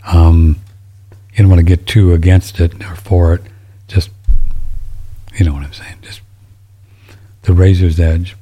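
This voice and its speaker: A man's voice: low voice, little pitch movement, measured pace, long pauses, dark tone, husky. A man hosting a show, reading listener emails in a rambling, folksy, casual way, easily moved to tears. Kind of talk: casual chat.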